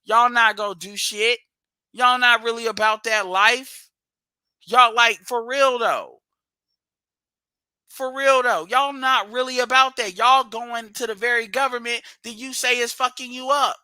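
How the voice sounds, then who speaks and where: A man's voice: very high voice, fairly even intonation, unhurried, bright, forceful tone, clean tone, no echo. A man hosting a livestream, ranting bluntly and profanely and hammering his points through repetition. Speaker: livestream host.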